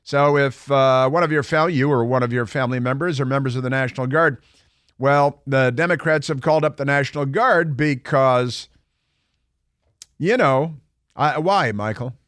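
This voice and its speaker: A man's voice: mid-range voice, normal speed, fairly bright tone, no room sound. A man hosting a talk radio show, delivering a combative, sarcastic monologue full of mocking rhetorical questions from a radio studio. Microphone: studio microphone.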